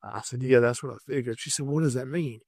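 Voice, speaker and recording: A man hosting a podcast, telling rambling, animated stories about catching animals in a casual way. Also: mid-range voice, quick pace, vocal fry, no room sound, studio quality. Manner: animated, rambling anecdotes with restarts. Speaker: podcast host, wildlife catcher. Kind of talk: casual storytelling.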